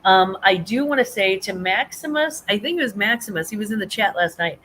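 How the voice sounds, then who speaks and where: A woman's voice: mid-range voice, animated, a little fast, a bit bright, a little hiss or hum, low-quality recording. A woman, hosting a casual live-stream chat, rambling with many ums and restarts. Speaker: host of a live reselling chat show.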